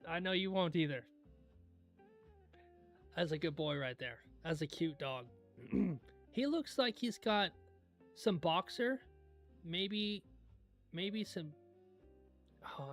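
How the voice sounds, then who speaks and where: A young man hosting a livestream in casual chat, laid-back and rambling into stories, often clearing his throat. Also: a little high. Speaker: livestream host.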